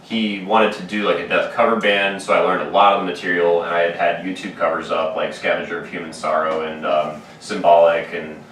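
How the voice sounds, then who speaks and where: A man's voice: low-pitched, little pitch movement, a little fast, hardly any pauses, a bit bright. A man in his twenties, a band's drummer, telling stories in a rambling, laid-back way with many fillers in a casual podcast chat. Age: 20s. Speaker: band drummer, guest. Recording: roomy, distant mic with faint noise.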